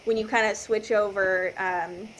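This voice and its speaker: A woman dive instructor talks through her experience in a loose, rambling way, pausing often and leaning on "like". Her voice sits at a middle pitch. A faint hiss of background noise runs underneath her speech. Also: steady tone, fairly bright tone, low-quality recording. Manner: rambling, hesitant, heavy use of "like". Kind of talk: casual round-table chat.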